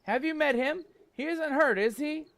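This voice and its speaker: A man's voice: extremely high pitch, moderate pace, creaky, fairly bright tone, no echo, pitched above the performer's own voice, exaggerated voice. Man voicing a tender werewolf mother. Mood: tender, doting. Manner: tender, doting. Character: wounded werewolf mother, tender, long-lost wife.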